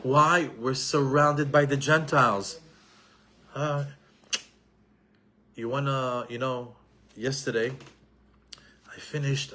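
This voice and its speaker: A middle-aged man giving an animated Torah lesson, repeating himself and mixing in Hebrew terms. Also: mid-range voice, slow, long pauses, slight background noise. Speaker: Torah teacher.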